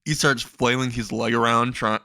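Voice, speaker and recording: A man's voice: medium pitch, level tone, normal speed, sharp tone, dry recording. A man casually narrating a made-up fan story, rambling with restarts and small chuckles.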